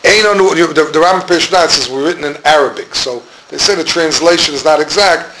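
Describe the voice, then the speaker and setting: A man's voice: a little high, fairly quick. A middle-aged man, giving an informal Talmudic lecture, rambling and searching for words. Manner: rambling, searching for words, mixes Hebrew and Yiddish terms. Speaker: Torah class teacher. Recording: noisy room recording.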